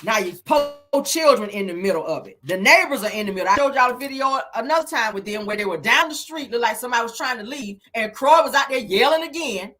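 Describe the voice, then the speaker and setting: A woman talks through celebrity gossip in a casual commentary style. She is blunt and emphatic and swears freely. Her voice is bright, a touch high, with faint music underneath. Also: animated, fast talker, hardly any pauses. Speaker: host.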